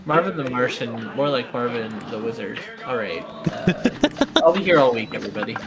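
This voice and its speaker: A woman's voice: very deep voice, expressive, normal speed, heavy background noise. A woman streamer chatting casually while gaming, playful and jokey.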